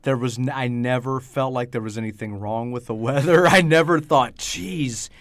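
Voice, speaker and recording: A podcast co-host from the eastern US, bantering in a jokey, mock-outraged way. The voice sits at a middling pitch, and the sound is dry and close, with no room echo. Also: moderate pace. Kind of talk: casual chat.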